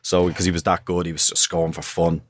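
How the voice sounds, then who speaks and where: Man telling lively football stories. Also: deep voice, fast. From Ireland. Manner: animated anecdotes, acts out quotes, swears. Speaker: former footballer, guest. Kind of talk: casual storytelling. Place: podcast studio.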